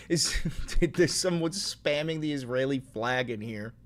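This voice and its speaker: A man's voice: mid-range voice, measured pace, a bit bright. A man hosting a livestream commentary, talking in an angry, emphatic and profane way. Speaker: host.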